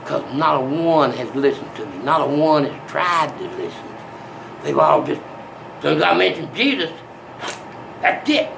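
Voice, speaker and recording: An older man with a drawl talks in a repetitive, rambling monologue. His voice is gravelly and a touch high, leaping up and down in pitch as he veers between soft talk and menace. A faint hum sits behind him. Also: big pitch swings, measured pace. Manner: volatile, swinging from soft to menacing.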